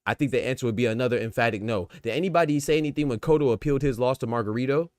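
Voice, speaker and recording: A man's voice: medium pitch, very fast, darkish tone, dry recording, studio quality. An American man hosting a casual boxing livestream, talking in streetwise slang and firing off rhetorical questions with repeated emphasis. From United States. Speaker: boxing podcast host.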